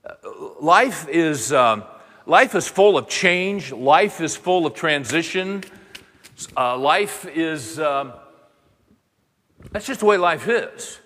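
A man preaching a sermon, animated and voicing the people in his story with dramatic quotes. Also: on the high side, slow, pauses often. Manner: animated, voices the prophet and God in dramatic quotes. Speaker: pastor. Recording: long reverb of a large hall.

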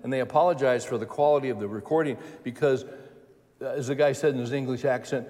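A man's voice: mid-range voice, fast, darkish tone. Folksy older male preacher, echoing hall. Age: 70s. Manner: folksy, conversational preaching with repeated phrases. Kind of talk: sermon.

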